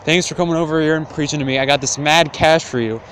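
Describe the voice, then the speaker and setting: A man's voice: on the high side, fairly even intonation, fast talker, fairly bright tone, a little hiss or hum, close to an everyday voice. A man voicing a sly, crude sick old husband, offhand and slangy.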